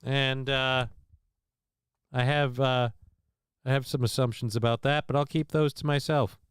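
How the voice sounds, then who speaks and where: A man's voice: medium pitch, little pitch movement, unhurried, clear, resonant tone, no echo, clean studio sound. A man hosting a casual livestream, rambling with crude jokes and self-deprecating asides while feeling unwell. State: unwell after vomiting. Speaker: livestream host. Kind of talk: casual live commentary.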